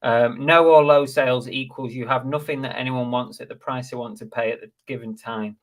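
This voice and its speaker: A man's voice: medium pitch, steady tone, a little fast. A man hosting a casual live-stream chat, making dry joking asides as he reads out comments and donations. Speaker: host of a live reselling chat.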